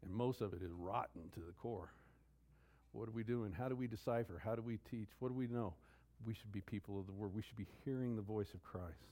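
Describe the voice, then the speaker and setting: A middle-aged man preaching a sermon, emphatic, repeating key phrases and swinging between loud declarations and hushed asides. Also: fairly low pitch, a little fast. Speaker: pastor.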